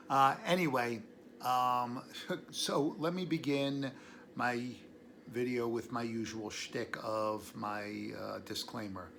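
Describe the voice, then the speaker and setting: A man's voice: mid-range voice, steady tone, slow, creaky, a bit bright, a little hiss or hum. A man hosting a casual educational talk on herbal medicine, rambling into tangents and chuckling between thoughts. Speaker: herbalist host.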